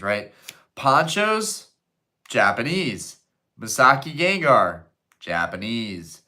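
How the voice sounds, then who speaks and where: A young adult man hosting a live stream, chatting casually and profanely while reading chat out loud. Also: medium pitch.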